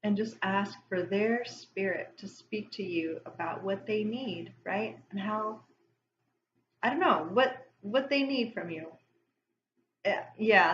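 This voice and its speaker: A woman's voice: on the high side, echoey room, dull audio, a little hiss or hum. A woman giving a casual spiritual tarot reading to camera, rambling and going off on tangents. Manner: rambling, warm-hearted, self-interrupting. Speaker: tarot reader.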